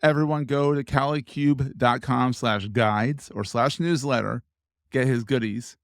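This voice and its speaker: A man's voice: medium pitch, fairly even intonation, a little slow, no room sound, clean studio sound. Enthusiastic male podcast host. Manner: enthusiastic, casual, praising. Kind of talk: podcast interview.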